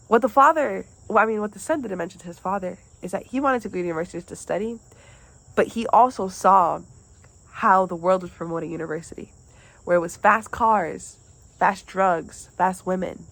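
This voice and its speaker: A young woman retelling a parable for a class, then reflecting on it in an earnest, halting way with restarts. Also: mid-range voice, vocal fry, fairly bright tone, rough recording. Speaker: student presenter.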